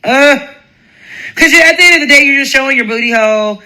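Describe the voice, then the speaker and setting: A woman hosting a live stream, telling a profane story in a blunt, animated way and laughing often. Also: high voice, fast.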